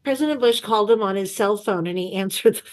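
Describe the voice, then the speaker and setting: A middle-aged woman and former chief of staff, telling lively anecdotes and acting out the people she quotes. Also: medium pitch, fast. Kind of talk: storytelling in an interview. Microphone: video call.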